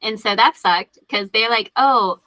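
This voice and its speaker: Bright, animated woman telling stories. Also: fairly high pitch, moderate pace, dry recording, poor audio. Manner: animated and profane, storytelling with acted-out quotes. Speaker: podcast guest. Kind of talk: casual podcast chat.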